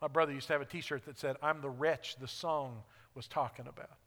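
A man preaching a sermon as pastor, rising to emphatic peaks and dropping to quiet asides. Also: mid-range voice, steady tone, brisk, big-room sound.

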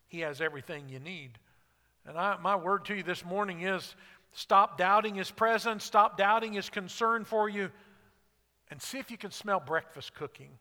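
Male pastor, conversational sermon delivery, high ringing voice. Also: normal speed, bright, forceful tone, in a large hall. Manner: earnest, conversational preaching with rhetorical questions.

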